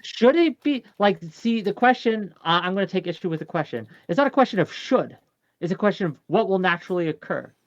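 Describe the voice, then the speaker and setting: A man's voice: high voice, sing-song, a little fast, no room sound, lo-fi sound. A man hosting an online debate panel, arguing his point firmly and repeating it for emphasis.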